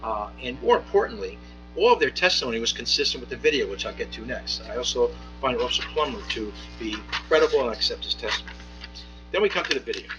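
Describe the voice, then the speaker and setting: A man, a municipal judge, speaking from the bench in a courtroom, giving a measured ruling with frequent pauses, fillers and restarts. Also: medium pitch, lively intonation, over music, rough recording.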